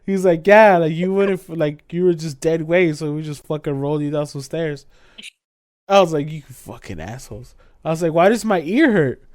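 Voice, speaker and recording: A man's voice: fairly high pitch, normal speed, a little mellow, no room sound, studio quality. Laughing young man telling a story. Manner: laughing storyteller, swears a lot, acts out quotes. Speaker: podcast co-host. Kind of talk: casual chat, telling a drunk story.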